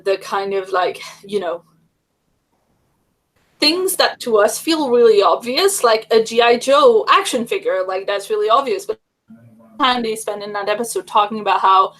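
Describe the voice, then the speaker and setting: A woman's voice: mid-range voice, poor audio. A woman hosting a casual livestream chat, talking in a rambling way with many fillers and restarts. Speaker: livestream host.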